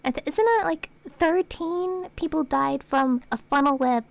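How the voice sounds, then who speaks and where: A woman's voice: sits high, unhurried, gravelly, no room sound. An Australian woman streamer chatting casually and acting out conversations as she tells stories. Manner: animated storytelling, acts out exchanges. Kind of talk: casual chat.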